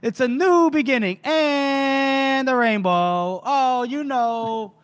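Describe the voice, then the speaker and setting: A man's voice: very high-pitched, slow pace, smooth, voice pushed up. A man voicing a sly woman con artist who talks in a breezy, teasing sing-song.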